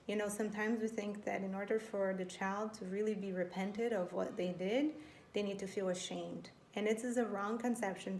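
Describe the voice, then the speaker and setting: A woman's voice: medium pitch, darkish tone. A woman in her thirties giving an earnest, conversational Christian talk on parenting, often circling back with "you know" and restarting her thoughts. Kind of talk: faith-based parenting talk. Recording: roomy, with faint background noise.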